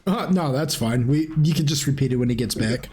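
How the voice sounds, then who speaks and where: A man acting as game master narrates a tabletop game in a rambling, informal way, frequently restarting and clearing his throat. His mid-range voice is brisk and darkish, with soft music in the background.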